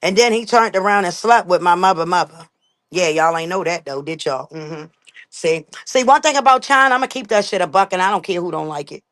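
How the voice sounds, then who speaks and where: A woman's voice: fairly low pitch, brisk, a bit bright. A young woman with a Baltimore accent, talking bluntly and emphatically to viewers on a casual live stream.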